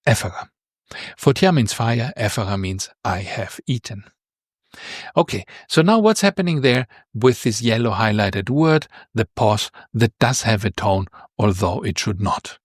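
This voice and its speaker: A male language teacher giving a patient beginner lesson, explaining with examples, repeating each word slowly and often checking in with "right?". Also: medium pitch, animated, no echo, clean studio sound.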